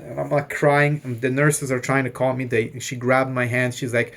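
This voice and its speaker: A man's voice: mid-range voice, monotone, moderate pace, vocal fry, hardly any pauses, a bit bright. A man in his thirties telling a long personal story in a loose, rambling way, full of fillers and swearing. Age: 30s. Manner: rambling, heavy use of "like" and swearing. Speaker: vlogger. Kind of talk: casual storytelling.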